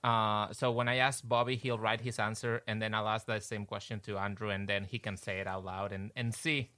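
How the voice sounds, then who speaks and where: A man running a quiz game for two podcast hosts, explaining the rules in a hesitant, halting way. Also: fairly low pitch, little pitch movement, bright, forceful tone, clean tone.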